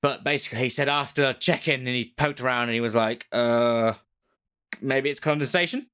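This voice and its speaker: A man hosting a relaxed chat, retelling a spooky tale in a loose, rambling way. He jokes as he goes and laughs at his own asides. His voice sits at an ordinary middle pitch. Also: moderate pace, clean tone. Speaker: podcast host retelling a ghost story. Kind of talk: casual storytelling chat.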